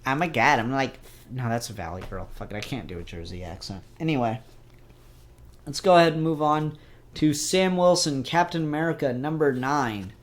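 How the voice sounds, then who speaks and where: A man's voice: medium pitch, lively intonation, normal speed. Chatty young man reviewing comics. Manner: rambling, chatty and upbeat. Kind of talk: casual spoken review.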